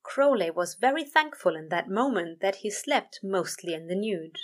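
A woman narrating a story aloud in a steady, measured way. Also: mid-range voice. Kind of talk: reading fan fiction aloud.

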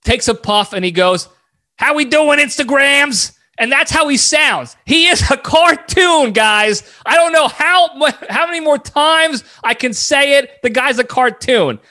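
A man hosting a solo podcast who rambles in an animated way, often cutting himself off mid-thought. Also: extremely high pitch, measured pace, few pauses. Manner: rambling, animated, self-interrupting. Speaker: podcast host.

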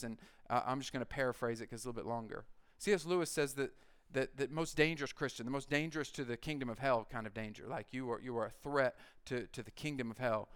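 A man preaching a lively, conversational sermon, acting out little voices and building to loud peaks. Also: fairly high pitch, smooth. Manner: energetic and conversational, acting out voices, rising to shouts. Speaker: pastor.

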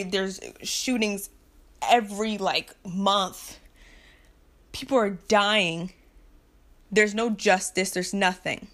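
A woman's voice: medium pitch, a bit bright. Frustrated young American woman ranting. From United States. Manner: impassioned and frustrated, blunt and repetitive, nervous laughs between points. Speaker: vlogger. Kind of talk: political rant to camera.

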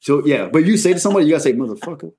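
A man's voice: a little high, animated, very fast, warm tone. A man talking in a casual, rambling and jokey way as a podcast guest. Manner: rambling, jokey, drops into mock voices. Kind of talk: casual chat.

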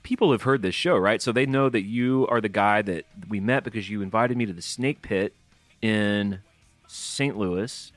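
A man hosting a podcast in loose, rambling chat, peppered with "uh"s and jokes. His voice sits a bit low, and it is recorded close and dry with no room sound. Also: normal speed, no room sound, soft background music. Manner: rambling, filler-heavy and jokey. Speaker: podcast host. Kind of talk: casual chat.

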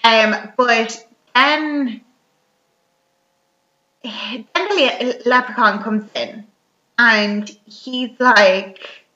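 A young woman recapping a film in casual chat, telling it lively and full of "like". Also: a little high, very slow, long pauses. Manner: chatty, lively retelling full of "like" and quoted lines. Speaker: podcast co-host. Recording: echoey room, slightly dull sound.

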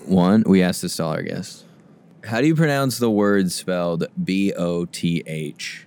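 A man's voice: sits low, measured pace, a little mellow. A man co-hosting a podcast, trading teasing jokes in casual chat. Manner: joking, teasing banter. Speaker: podcast co-host.

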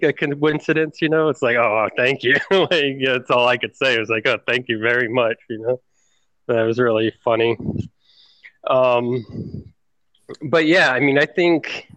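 A man tells a story in a loose, rambling way, with plenty of fillers. His voice sits at a middle pitch. The recording is dry and close. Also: a bit bright, dry recording, low-quality recording. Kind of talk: casual storytelling.

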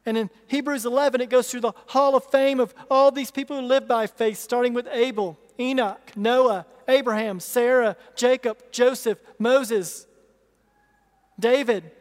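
A man with a strikingly high voice delivers an emphatic sermon, repeating key phrases and asking his listeners rhetorical questions. His voice rings out with the long reverb of a large church hall. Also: steady tone, measured pace. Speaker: pastor.

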